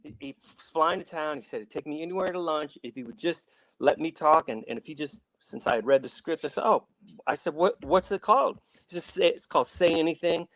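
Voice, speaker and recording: Brief: middle-aged man, lively rambling raconteur, slightly high voice, dry close sound. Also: a little fast, dry recording, low-quality recording. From Saint Louis. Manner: animated, rambling with restarts, acts out quotes. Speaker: actor guest. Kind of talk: casual storytelling.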